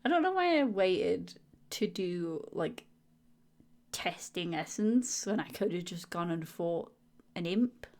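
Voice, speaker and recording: A young woman doing a casual, chatty voiceover for her gaming video. She giggles a lot and acts out silly inner dialogue in a higher voice. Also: lively intonation, slow pace, darkish tone. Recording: voiceover recorded at home on a mic.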